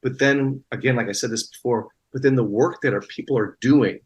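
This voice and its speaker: A man's voice: mid-range voice, brisk, husky, dull audio. A man talking as a guest actor in a casual interview, rambling with many restarts and fillers.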